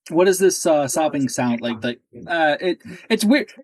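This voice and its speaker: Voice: medium pitch, expressive, measured pace, darkish tone, husky, no echo. A tabletop game player who speaks hesitantly, often repeating words. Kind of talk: casual talk at a game table.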